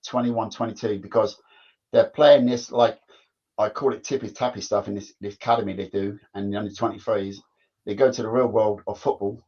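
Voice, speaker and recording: Bloke rambling thru old football stories, "like i say" every other line, kinda dull lo-fi audio. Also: male voice, lowish voice, steady tone, brisk, darkish tone. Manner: rambling, repeats "like I say". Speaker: former footballer guest. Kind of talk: casual chat, storytelling. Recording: dull lo-fi sound.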